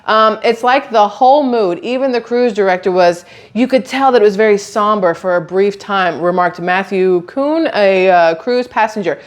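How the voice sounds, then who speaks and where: Woman, casual vlog chat, reads news aloud, sarcastic asides, mid-pitched voice. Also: normal speed, few pauses. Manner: chatty, sarcastic asides, stumbles over words. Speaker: vlogger reading news.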